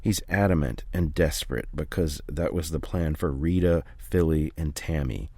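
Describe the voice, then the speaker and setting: Man, very low voice, steady memoir reading, dry close recording. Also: normal speed, dry recording. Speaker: audiobook reader. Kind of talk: first-person memoir reading.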